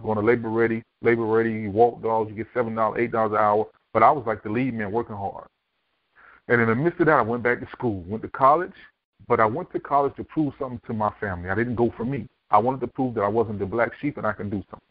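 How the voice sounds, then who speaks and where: Brisk male guest storyteller, fast delivery over a phone-quality line. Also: medium pitch, no echo. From Miami, Florida. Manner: vivid storyteller who acts out quoted dialogue. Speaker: podcast guest, author and speaker. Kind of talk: telling his life story in an interview. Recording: dry, tinny phone-like line.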